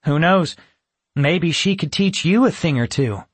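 A man voicing an anxious young boy in a storybook reading, talking earnestly and quickly. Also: fairly high pitch, animated, slightly rough, no echo, pitched above the performer's own voice.

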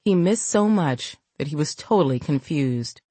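A woman narrating a gritty urban story in a steady, matter-of-fact way. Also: deep voice, moderate pace, slightly rough, no room sound. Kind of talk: audiobook narration of an urban crime novel.

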